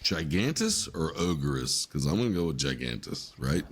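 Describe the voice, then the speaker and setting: A man chatting on a podcast, cutting in to tease and riff with his co-host. His very deep voice is husky. He speaks with a hugely animated pitch and swears freely. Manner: teasing, profane, quick interjections. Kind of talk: casual chat.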